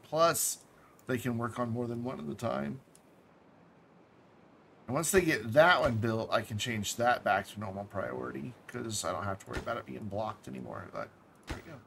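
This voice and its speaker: A man's voice: medium pitch, vocal fry, bright, forceful tone, slight background noise. A man casually commenting while playing a game on a live stream, thinking aloud, correcting himself and dropping jokey asides.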